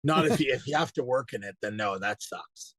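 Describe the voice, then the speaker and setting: Man guest, husky and dry, easygoing, quick throwaway remarks. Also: mid-range voice, a bit bright, no echo. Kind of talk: casual chat.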